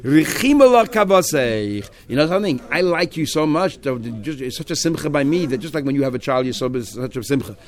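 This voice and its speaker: A man's voice: on the high side, lively intonation, fairly quick, few pauses. A man teaching a text study class, explaining step by step and acting out the speakers he quotes.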